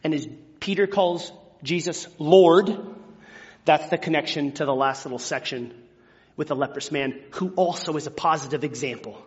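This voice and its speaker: A man preaching a sermon, animated, acting out biblical quotes with big swings from hushed tones to shouting. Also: fairly high pitch, fairly quick. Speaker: pastor. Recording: dull sound with long hall reverb.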